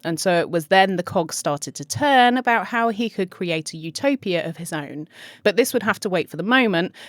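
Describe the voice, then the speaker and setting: A woman's voice: medium pitch, no echo. A woman with a British accent hosting a true crime podcast, reading her story in a chatty, giggly way. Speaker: podcast host.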